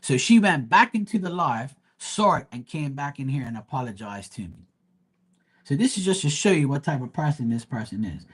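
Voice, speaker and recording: A man running a live tarot stream talks in a blunt, heated rant and swears freely. His voice is husky and slightly rough, at an ordinary male pitch. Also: very animated, moderate pace. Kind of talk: ranting livestream monologue.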